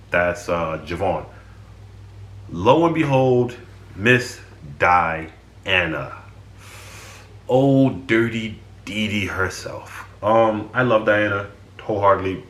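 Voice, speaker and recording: A man's voice: low voice, a bit bright, roomy sound. A man casually telling stories about his friends on his vlog. He sounds exasperated and swears freely. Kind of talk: casual storytelling.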